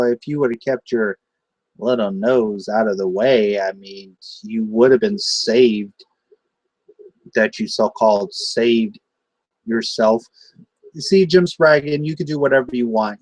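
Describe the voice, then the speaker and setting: A man's voice: medium pitch, no room sound. A man hosting a wrestling show, cutting a taunting, sarcastic trash-talk promo.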